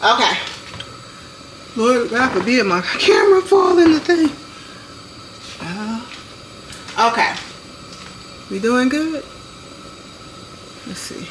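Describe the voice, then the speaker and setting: A woman's voice: fairly high pitch, very animated, slow, long pauses, roomy sound, noisy background. A woman chatting casually to her viewers as she cooks in her home kitchen, filmed by a camera on a tripod, calling them "y'all". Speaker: vlogger cooking at home. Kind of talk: casual cooking vlog chat.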